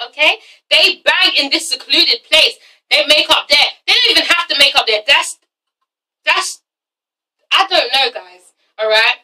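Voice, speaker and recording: Far from the mic and on poor audio, a TV show reviewer with a bright, high-sitting voice and forceful tone discusses a drama in a casual vlog. She's emphatic and profane, and she repeatedly checks in with "okay?"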